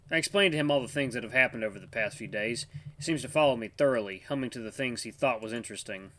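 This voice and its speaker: A man's voice: medium pitch, fast talker, a bit bright. A young man hosting a gaming channel, reading a visual novel aloud in a playful, jokey way. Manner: playful, jokey, laughs often.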